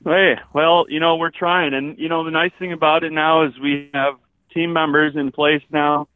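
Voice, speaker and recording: A man's voice: a little high, level tone, moderate pace, no room sound. A man from Wisconsin with a Wisconsin accent, a boot company spokesman chatting in a casual interview, folksy and easygoing with lots of fillers. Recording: tinny phone line.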